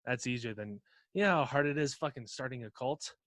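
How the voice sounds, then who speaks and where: A man's voice: medium pitch, a little fast, fairly bright tone, dry recording. A man co-hosting a comedy podcast in casual, rambling, profane chat. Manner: laid-back, profane, rambling. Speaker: podcast co-host.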